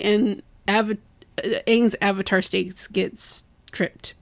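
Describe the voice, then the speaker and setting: A woman co-hosting a casual podcast chat, retelling scenes in an animated way with acted quotes. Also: medium pitch, slow, vocal fry. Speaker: podcast co-host.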